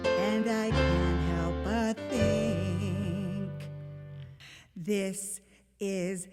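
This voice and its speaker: A woman with an American accent playing a frazzled, fed-up fairy-tale princess, singing musical theatre numbers in a sardonic, exasperated way over loud music. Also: mid-range voice, fairly even intonation, drawn-out words. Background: loud musical accompaniment.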